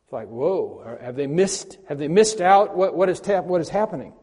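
A man with a fairly high but mellow voice preaches a sermon as pastor. He moves between hushed, tender stretches and loud, emphatic declarations. His voice rings with the long reverb of a large hall. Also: expressive, moderate pace, breathy edge. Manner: earnest preaching that swings between soft, tender passages and loud emphatic peaks.

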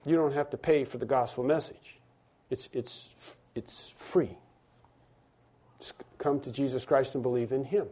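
A man's voice: mid-range voice, steady tone, unhurried, dark tone, slightly rough. A man preaching a sermon in a conversational way, repeating himself, restarting phrases and rising to emphatic lines. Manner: rises to emphatic stressed phrases. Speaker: pastor.

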